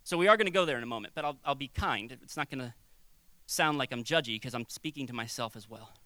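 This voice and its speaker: A man preaching a sermon as a pastor, conversational and animated, acting out little quoted voices. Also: medium pitch, fast, no room sound.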